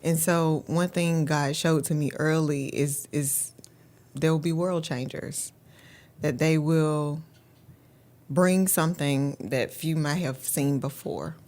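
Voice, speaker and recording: A woman with a notably low voice, speaking as a guest parent coach. She tells her stories earnestly and leans on the word "literally" a lot. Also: steady tone, unhurried, darkish tone. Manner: earnest, often says "literally". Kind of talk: personal storytelling in an interview.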